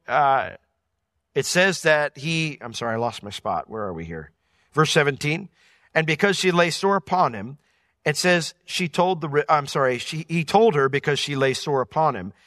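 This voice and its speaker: A man's voice: on the high side, pushed and bright, no echo, studio quality. A man teaching through a Bible passage verse by verse, reading each verse aloud, explaining it plainly and now and then correcting himself.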